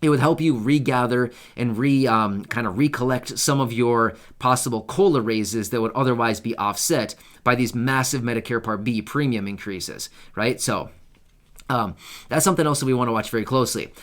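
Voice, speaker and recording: A man talks straight to his viewers in a loose, chatty way. His pitch sits in the middle of the male range. He keeps asking "right?" and scatters fillers through his sentences as he goes. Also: normal speed, a bit bright. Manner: chatty and informal, many fillers and asides, checks in with "right?". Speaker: YouTube host covering benefits news. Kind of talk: casual talk to camera.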